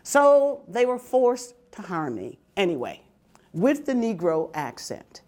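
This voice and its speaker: An older woman telling stories from her working life, humorous and lively, often laughing. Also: mid-range voice, slow pace. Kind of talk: personal storytelling talk.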